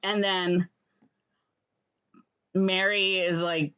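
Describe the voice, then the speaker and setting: A young woman co-hosting a podcast, casually recapping a movie with lots of fillers and quick acted-out lines. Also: mid-range voice, fairly bright tone. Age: young adult. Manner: rambling, acts out characters' lines in quick voices. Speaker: podcast co-host.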